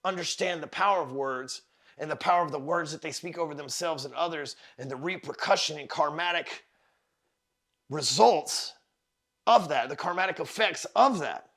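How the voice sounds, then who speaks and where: A man's voice: a little high, moderate pace, fairly bright tone. A man hosting a podcast, giving a blunt, profane motivational monologue that circles back on its points. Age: adult parent of four. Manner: emphatic, profane, repeats words while building a point. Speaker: podcast host.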